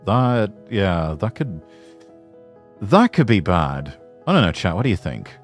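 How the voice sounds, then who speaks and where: A man's voice: sits low, big pitch swings, unhurried. A male streamer chatting casually and thinking aloud in a hesitant, musing way, talking to his chat. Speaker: streamer reacting to a video. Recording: faint background music.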